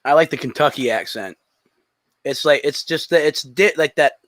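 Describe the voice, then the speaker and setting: Man from North Carolina, guest on a call, slightly high voice, dry close sound, easygoing, short replies. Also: moderate pace, fairly bright tone, no room sound. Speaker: guest musician. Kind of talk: casual interview chat. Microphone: call audio.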